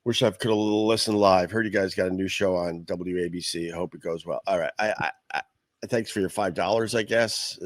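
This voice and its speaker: A man's voice: sits low, fairly even intonation, moderate pace, no room sound. A middle-aged man from Long Island who hosts a livestream and chats casually, rambling and blunt. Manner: rambling and blunt, swears freely. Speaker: podcast host.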